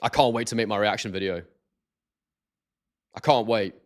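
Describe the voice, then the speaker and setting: A man hosting a live boxing stream, chatty and excitable, reading out viewers' chat messages. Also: fairly low pitch, moderate pace.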